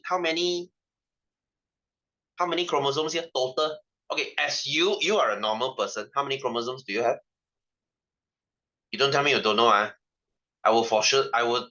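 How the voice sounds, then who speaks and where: A man's voice: medium pitch, pushed and bright, lo-fi sound. A young man with a Malaysian English accent teaching a casual science lesson, chatty and joking, with constant "right?" asides. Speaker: science tutor.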